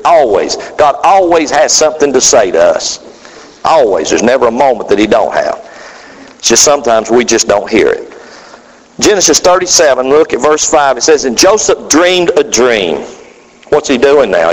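Animated preacher in a reverberant hall. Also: male voice, medium pitch, moderate pace, breathy edge. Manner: folksy, animated, acts out quoted voices. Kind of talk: sermon.

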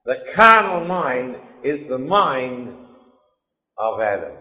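A man preaching a sermon, emphatic and impassioned, swinging between quiet asides and loud declarations. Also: mid-range voice, very animated, slow pace. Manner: impassioned, emphatic, rising and falling. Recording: echoey hall, dull lo-fi sound.

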